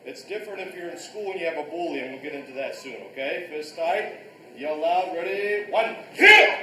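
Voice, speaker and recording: A man teaching a live karate class, barking short commands and shouting counts, recorded in a restaurant event space from a distance. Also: a little high, a little fast, a little hiss or hum. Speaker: martial arts instructor. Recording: echoey room, picked up from far off.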